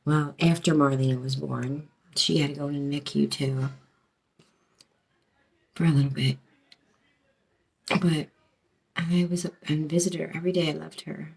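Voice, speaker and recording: A middle-aged woman with a low voice tells her story casually. She rambles, swears often and breaks off mid-sentence to start again. Her telling stays emotional throughout. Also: fairly even intonation, moderate pace, gravelly, pauses often, darkish tone, husky. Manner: rambling, profane, emotional, many restarts. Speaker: storyteller recounting her past.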